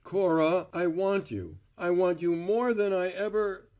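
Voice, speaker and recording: A male narrator plays a smooth-talking man who pleads and presses. His pitch runs a little high and moves a lot, and he speaks slowly. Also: expressive, darkish tone. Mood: pleading. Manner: imploring, pressing. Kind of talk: audiobook character voice.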